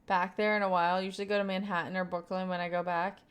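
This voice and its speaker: A woman's voice: lowish voice, little pitch movement, fast talker. Chatty young woman with a light Southern lilt. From Kentucky. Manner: rambling, filler-heavy, laughs often. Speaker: streamer. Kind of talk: casual live-stream chat reading viewer messages.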